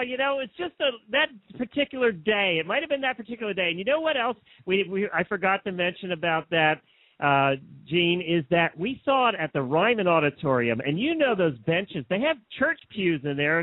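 A man co-hosting a radio show, chatting in an animated way and laughing easily. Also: high voice, moderate pace, no echo. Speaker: radio co-host. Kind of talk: casual radio chat. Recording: dry, narrow phone-like sound.

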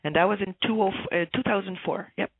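A woman with a Quebec French accent, a native French speaker, hoarse from a cold and searching for words as a guest in a phone interview. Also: mid-range voice, fast talker, no room sound. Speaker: interview guest, horseball player. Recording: tinny phone line.

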